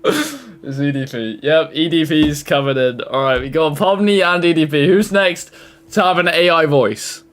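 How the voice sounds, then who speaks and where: A man's voice: a little high, expressive, normal speed, fairly bright tone, slight background noise. A man giving casual reaction commentary with a slightly raised voice. He jokes and sounds exasperated as he bounces between crude banter and mock complaints about clips of himself. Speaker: YouTuber reacting to fan-made clips.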